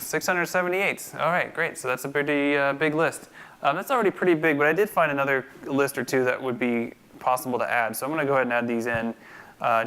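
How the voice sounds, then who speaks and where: A man's voice: mid-range voice, a bit bright, clear, resonant tone. A man teaching a live-coding screencast, thinking aloud with many fillers and restarts. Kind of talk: casual screencast coding tutorial.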